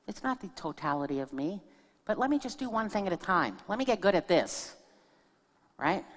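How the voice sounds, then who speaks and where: A woman minister giving a sermon in a church, telling stories in a conversational way and speaking with her audience. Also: fairly low pitch. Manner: conversational storytelling with audience asides. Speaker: guest minister. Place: church sanctuary. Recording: long reverb of a church hall.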